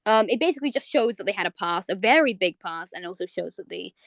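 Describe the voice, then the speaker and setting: A woman's voice: mid-range voice, quick pace, gravelly, no room sound. Rambling young woman gushing about a cartoon. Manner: rambling, fillers and restarts, excitable. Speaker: host. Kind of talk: casual chat recapping a cartoon episode. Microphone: streaming audio mic.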